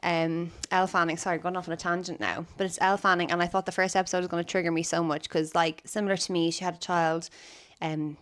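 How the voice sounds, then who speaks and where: A woman's voice: lowish voice, quick pace, hardly any pauses. An Irish woman in her thirties, a comedian guest, chatting casually and telling stories animatedly. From Ireland. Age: 30s. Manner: animated storytelling, acts out voices. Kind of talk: casual podcast chat.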